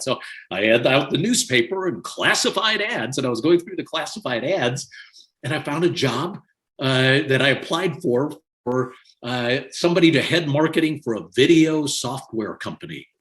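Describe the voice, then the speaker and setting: An older man sits in as a guest, telling his stories in a lively, animated way and breaking into laughter as he goes. His voice sits at an everyday, middle pitch. He talks in a loose, conversational style. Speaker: podcast guest. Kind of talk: conversational storytelling.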